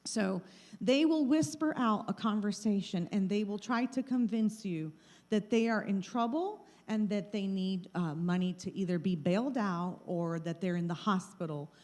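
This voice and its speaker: Middle-aged woman, mid pitch, live community talk on scams; plain, repeated warnings into a handheld mic. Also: moderate pace, darkish tone. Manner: plain, repetitive warnings, acts out scam calls. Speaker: presenter of a scam-awareness talk. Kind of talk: live talk to a small audience. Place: meeting room with an audience.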